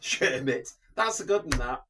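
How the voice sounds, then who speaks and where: A man's voice: mid-range voice, animated, measured pace, background noise. A man co-hosting a casual podcast, joking, interrupting and dropping into impressions. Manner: jokey, interrupting, breaks into impersonations. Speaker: podcast co-host.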